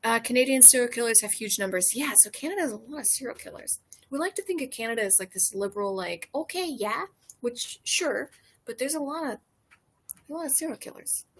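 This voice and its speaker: A young American woman streams a casual chat with her viewers from an outdoor porch, slightly tipsy and rambling loosely with plenty of fillers and swearing. Her voice is fairly high, animated and brisk, with a little background noise.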